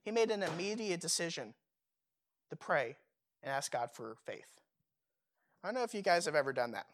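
A man's voice: on the high side, very animated, moderate pace. A young man preaching a sermon in a casual, conversational way, full of fillers and rhetorical questions.

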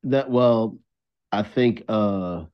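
A man's voice: on the low side, very slow, smooth, muffled recording. A man co-hosting a podcast in casual chat, making dry joking asides. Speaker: podcast co-host.

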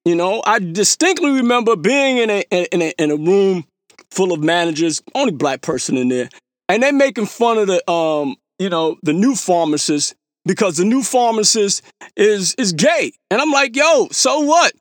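High-voiced, animated male podcast host. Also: normal speed, dry recording, studio quality. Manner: animated, slangy, acts out his own past remarks; laughs at himself. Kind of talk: casual storytelling monologue.

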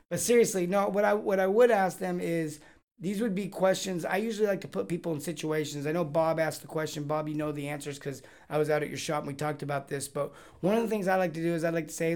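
A man hosting a live Q&A podcast, joking and rambling with lots of energy. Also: fairly high pitch. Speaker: podcast host. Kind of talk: casual live Q&A chat.

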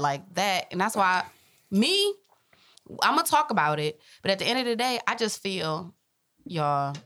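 A young woman co-hosting a podcast, chatting casually and telling a work story with lively voiced quotes. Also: lowish voice. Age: young adult. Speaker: podcast co-host. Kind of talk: casual chat.

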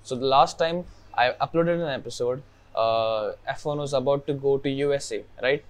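A man's voice: medium pitch, moderate pace. A young man from India hosting a podcast, telling a story casually and acting out the people he quotes. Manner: animated, acts out quoted people. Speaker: podcast host.

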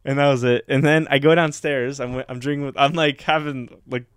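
Smooth-voiced man telling a story. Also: mid-range voice, fairly quick, no room sound, clean studio sound. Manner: animated storyteller, acts out voices, laughs often. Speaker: podcast co-host. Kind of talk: casual storytelling chat.

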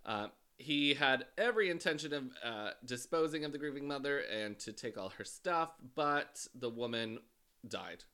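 A man casually telling a true-crime story as a podcast host, halting often with filler sounds. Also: mid-range voice, expressive, bright, forceful tone, smooth.

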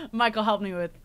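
A young woman, a university student, chatting casually on a podcast and telling a rambling, animated story full of "like"s. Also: fairly high pitch. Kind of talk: casual chat.

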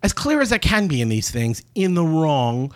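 Animated, lively man telling a story. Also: a little high, moderate pace. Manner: animated, laughing, acts out quoted people. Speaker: podcast co-host. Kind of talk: storytelling in casual chat.

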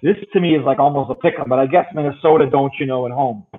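A man's voice: medium pitch, rapid-fire, breathy edge. A man hosting a podcast, chatting casually through game picks. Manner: talkative, rundown of matchups. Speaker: podcast host. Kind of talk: casual sports picks chat. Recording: tinny phone-like sound.

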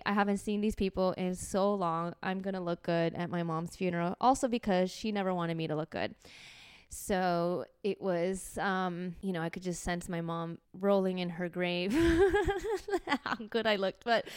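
A woman in her forties hosting a podcast, telling comedic stories in an animated, profane way and acting out quotes. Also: mid-range voice, clean tone, no echo, clean studio sound. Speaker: podcast host. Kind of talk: comedic storytelling.

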